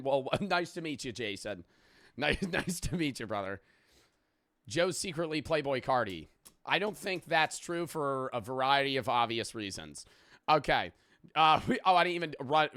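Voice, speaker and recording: A man talking on a live stream, rambling loosely with plenty of swearing as he reads out donations. His voice is bright and forward. The sound is dry and close, with no room around it. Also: medium pitch, no echo. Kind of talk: casual live-stream chat.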